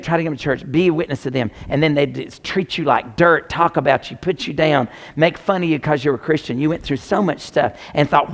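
Guy preaching, gets loud then drops to a whisper, long hall echo. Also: a little high. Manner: animated, swings from loud exclamations to hushed near-whispers. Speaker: pastor. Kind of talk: sermon.

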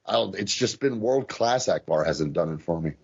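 A husky-voiced man talks loosely on a podcast, cursing, laughing and breaking into impressions of old wrestling promos. The sound is dull and lo-fi. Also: sits low, expressive, normal speed. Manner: swears freely, laughs, mimics wrestlers' promos. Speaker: podcast co-host. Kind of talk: casual chat. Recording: dull lo-fi audio.

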